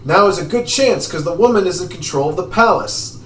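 A man's voice: sits high, animated, fairly quick, a little hiss or hum, voice pushed up. A man voicing a sneering, giggly small male bandit, heard in an echoey room. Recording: echoey room, distant mic.

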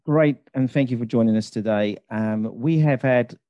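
A man's voice: medium pitch, moderate pace, mellow, no room sound, lo-fi sound. A man hosting a podcast interview over a video call. He opens with a formal welcome and then moves into easy banter. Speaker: podcast host.

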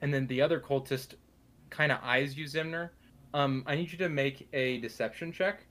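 A man narrating a tabletop game as dungeon master, at a middling pitch. He speaks haltingly, stopping often for fillers and restarts as he describes the scene. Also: fairly bright tone.

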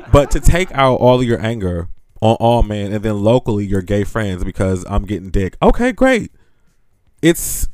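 A man hosting a podcast, ranting and gossiping in a sassy, blunt, profane way and laughing often as he talks. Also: lowish voice. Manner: animated, sassy, laughs often while talking. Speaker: podcast host.

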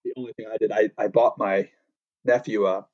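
A man's voice: on the low side, fairly even intonation, fairly quick, a little mellow, no echo, muffled recording. A man co-hosting a casual chat, rambling with many fillers and frequent laughter. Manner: laughs often, loose filler-heavy talk. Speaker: podcast co-host.

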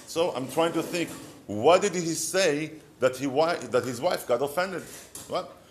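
A man's voice: a little high, unhurried, a little hiss or hum. A middle-aged man with an Israeli accent giving a short, conversational advice talk, asking rhetorical questions with light humor. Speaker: marriage counselor.

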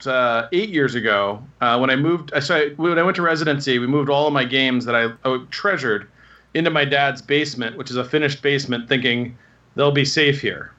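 A man in his thirties telling rambling, animated anecdotes in casual conversation. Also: medium pitch, fairly quick, dull audio. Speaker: guest telling stories. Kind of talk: casual storytelling.

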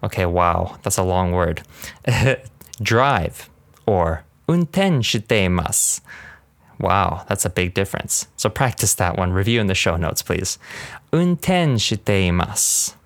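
Chatty man teaching words slowly. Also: sits low, big pitch swings, vocal fry, no room sound. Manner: rambling, chatty, laughs often, drills words slowly. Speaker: language teacher. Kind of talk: casual podcast language lesson.

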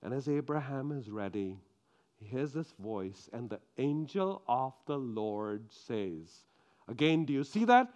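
Slow, emphatic male preacher. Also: medium pitch, animated, muffled recording. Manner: emphatic, swinging from loud stresses to quiet, drawn-out lines. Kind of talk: sermon.

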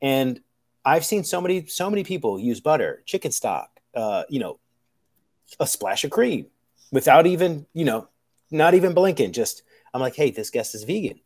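A man who works as a professional chef, talking casually to camera in an animated, rambling way, full of fillers, restarts and swearing. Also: on the high side, normal speed. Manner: acts out kitchen dialogue in quoted voices.

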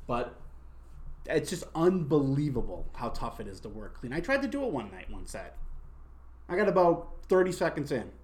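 A young man hosts a podcast in a slightly high, slightly mellow voice, wandering through casual conversation. He swears plenty and keeps restarting what he's saying.

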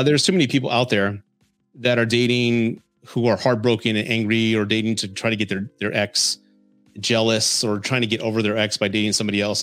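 A man from San Antonio hosts a podcast, swapping dating tales and advice in a relaxed, conversational way. His voice sits at an ordinary middle pitch, and he keeps breaking into small chuckles. Faint music plays quietly behind him. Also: no room sound. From San Antonio, Texas, US. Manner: chuckles often while telling stories. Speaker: podcast host. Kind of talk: casual storytelling and dating advice.

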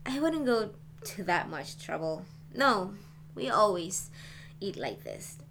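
A woman reading aloud, voicing a chatty, frank young woman who talks in a lively, animated way. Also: medium pitch, takes it slowly, a little hiss or hum, heavily acted. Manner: animated, talkative. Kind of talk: audiobook reading.

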